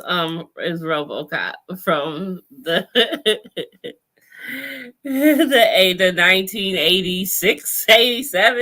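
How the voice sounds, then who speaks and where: A woman's voice: mid-range voice, pushed and bright. A woman co-hosting a casual TV recap chat, laid-back and profane, laughing often. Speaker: podcast co-host.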